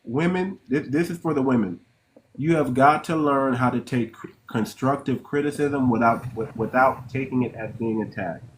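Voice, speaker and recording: A man's voice: medium pitch, normal speed, a little hiss or hum. A man hosting an online audio room, preaching in an emphatic, repetitive way with many restarts. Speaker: host. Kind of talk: live audio room talk.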